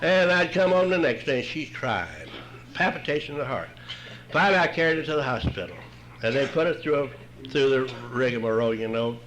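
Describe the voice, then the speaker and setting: Folksy older man, lively voice. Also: mid-range voice, a little fast, a little hiss or hum, poor audio. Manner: folksy, wry, chuckling. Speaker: recovery meeting speaker. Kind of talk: humorous personal storytelling talk.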